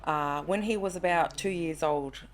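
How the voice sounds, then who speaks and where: A woman in her thirties chatting on a podcast, telling a personal story in an animated way and acting out the quotes. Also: sits low, measured pace, slight background noise. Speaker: podcast guest. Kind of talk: casual conversation, storytelling.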